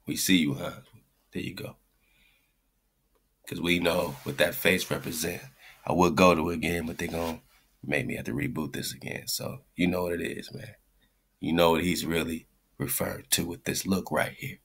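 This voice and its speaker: A man's voice: sits low, fairly even intonation, normal speed, vocal fry, fairly bright tone, breathy edge. A man hosting a radio show, giving blunt, slangy, profane commentary on a clip he is playing and repeating his points.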